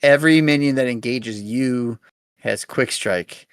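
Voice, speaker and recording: A man's voice: medium pitch, unhurried, smooth, dry recording, clean studio sound. A man hosting a podcast, easygoing and chatty, reading game cards aloud and thinking aloud. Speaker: podcast host.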